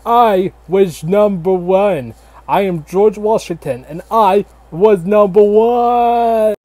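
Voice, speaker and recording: A man voicing an old, pompous George Washington, speaking slowly in a proud, shouted boast. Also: high voice, animated, no echo. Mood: boastful.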